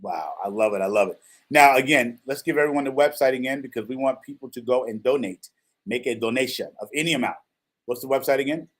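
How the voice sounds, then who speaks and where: A man's voice: mid-range voice, quick pace. A middle-aged man hosting a radio talk show, chatty and joking, rambling with restarts. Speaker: radio host.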